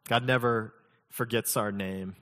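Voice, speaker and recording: A man's voice: on the low side, steady tone, a little slow, bright, forceful tone, long reverb tail. A man preaching a sermon as pastor, conversational, mixing scripture reading with humorous personal stories.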